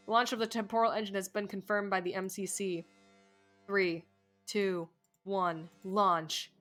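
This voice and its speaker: A woman's voice: on the low side, a little slow, a bit bright, faint music behind. Woman streamer reading game text aloud. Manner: reads all game text aloud, swearing and laughing at the story. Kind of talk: live game playthrough, reading dialogue aloud.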